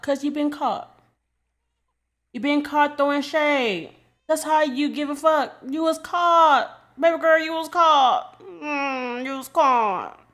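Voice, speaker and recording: A young woman with a high voice tears into her subject in a casual commentary rant. She is blunt and profane, and she circles back to the same points again and again. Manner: blunt, repetitive, profane scolding. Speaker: commentary creator.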